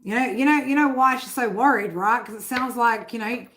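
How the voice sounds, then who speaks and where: A woman's voice: on the high side, brisk, fairly bright tone, a little hiss or hum. A middle-aged woman hosting a tarot live stream, talking bluntly with heavy swearing and a constant "right?". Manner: blunt and heavily profane, keeps asking "right?". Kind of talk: casual live-stream chat.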